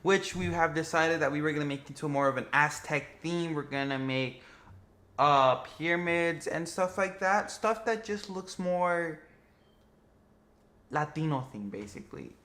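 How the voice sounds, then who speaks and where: A young man casually narrating gameplay footage, rambling and excitable, swearing freely. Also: on the high side, a little slow. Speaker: gaming vlogger.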